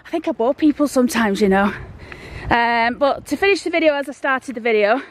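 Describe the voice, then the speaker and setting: A woman's voice: fairly high pitch, animated, a little fast. A woman, chatting in a rambling, down-to-earth way and out of breath as she walks outdoors with a handheld phone. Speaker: vlogger. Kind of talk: casual walk-and-talk vlog. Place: outdoors, walking through town.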